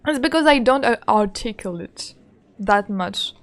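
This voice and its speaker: A woman's voice: medium pitch, expressive, measured pace. A woman streaming a game in casual, playful chat, speaking English as a second language and giggling often as she greets her viewers.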